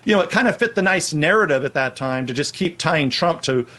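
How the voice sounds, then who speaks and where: A man, a guest on a political chat show, telling a story in a steady, assertive way. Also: on the high side, fairly quick.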